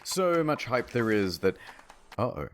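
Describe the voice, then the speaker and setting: A man's voice: medium pitch, big pitch swings, measured pace, a little hiss or hum. A man giving dry, wry scripted comedic narration for an internet documentary, with sudden jokes. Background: background music.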